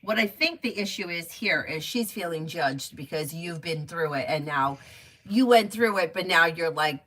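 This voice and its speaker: A woman's voice: lowish voice, lively intonation, normal speed, pushed and bright. A middle-aged woman chatting casually at home on a livestream, laughing easily and telling stories before giving tarot readings. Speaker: tarot reader. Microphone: phone or webcam stream.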